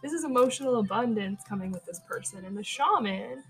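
Woman, podcast host, loose chatty tarot reading; higher voice, filler-heavy, casual swearing, restarts. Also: animated, brisk, a bit bright, rough recording. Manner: thinks aloud, stumbles and restarts.

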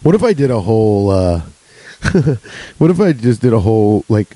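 A man's voice: lowish voice, sing-song, moderate pace, dark tone, dry recording, poor audio. A young adult man hosting a solo comedy podcast, rambling and swearing with laughs between jokes. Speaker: podcast host.

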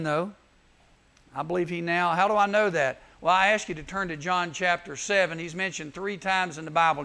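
Man, youth sermon, high voice, gravelly edge, animated storytelling. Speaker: youth speaker.

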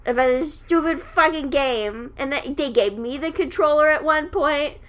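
High-voiced, rambling, profane woman. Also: normal speed, a bit bright, dull audio. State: hiccups. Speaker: podcast co-host. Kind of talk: casual podcast chat.

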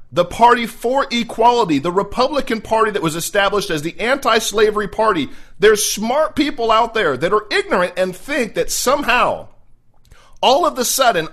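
A man's voice: high-pitched, a bit bright. A man appearing as an interview guest, speaking with passion and piling up long lists of phrases. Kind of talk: interview conversation.

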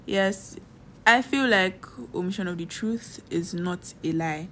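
A woman's voice: on the low side, unhurried, a bit bright, slight background noise. A woman co-hosting a casual podcast, teasing and arguing with her co-host and laughing often. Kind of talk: casual banter.

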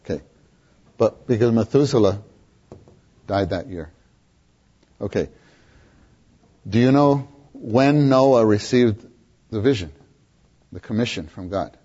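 A man preaching a sermon, often questioning his listeners and repeating words for emphasis, with a husky voice, on a dull lo-fi recording. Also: on the low side, animated, slow, long pauses, mellow. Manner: questions the audience, emphatic repetition.

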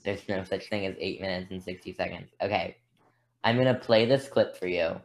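A woman with an unusually deep, low-pitched voice chats on a podcast. She rambles from thought to thought and pokes fun at herself, keeping it loose and easygoing. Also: normal speed. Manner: chatty, rambling, self-deprecating. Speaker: podcast co-host. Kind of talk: casual chat.

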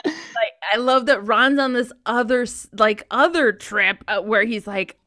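Bright, teasing woman. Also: on the high side, no echo, clean studio sound. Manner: teasing, quick to laugh. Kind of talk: casual chat.

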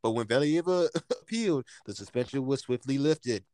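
A man's voice: medium pitch, lively intonation, normal speed, a little mellow, dry recording, close to an everyday voice. A man doing a mock formal TV news reporter voice, stiff announcer cadence, stumbling over acronyms.

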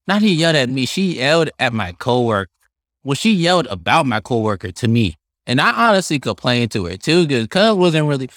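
A young man hosting a casual solo podcast, telling stories in an animated, profane, slang-heavy way. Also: fairly high pitch, dry recording, clean studio sound. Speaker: podcast host.

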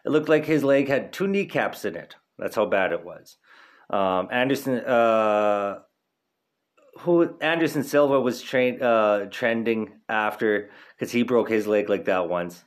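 A man's voice: fairly low pitch, a little slow. A young man hosting a podcast in casual chat, laid-back and rambling, swearing freely, stoned. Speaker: podcast host.

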